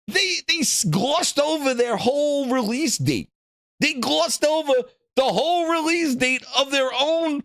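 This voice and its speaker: A man with a high, lively voice hosts a gaming podcast, rambling and swearing as he laughs at his own jokes. The sound is dry and close, with no room around it. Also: measured pace, no echo. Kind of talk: excited casual chat.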